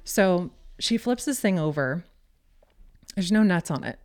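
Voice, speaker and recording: A woman telling a hunting story in a casual, animated way, full of fillers. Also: lowish voice, measured pace. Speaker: podcast guest.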